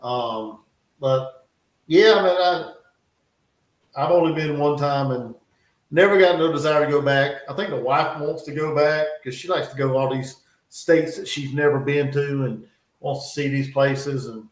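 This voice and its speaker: A man's voice: fairly high pitch, unhurried. A man hosting a live stream, chatting in an easygoing, rambling way. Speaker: stream host. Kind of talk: casual live-stream chat. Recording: roomy, off-mic sound.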